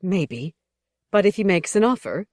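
Soft-voiced young woman dancer, a woman reading, low-pitched and dry. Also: expressive, a little slow, no echo. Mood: pleading.

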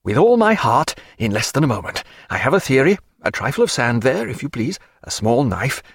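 A man's voice: medium pitch, big pitch swings, a little fast, husky, dry recording. A man voicing an irritable, learned ship's doctor who whines and snarls. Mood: earnest. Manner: snarling, whining, fussy.

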